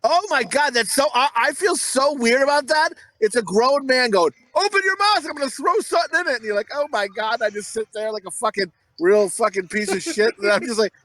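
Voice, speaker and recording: Man, casual podcast chat, raunchy teasing humor, bright high voice. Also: normal speed, few pauses, low-quality recording. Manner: crude joking banter. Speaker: podcast co-host.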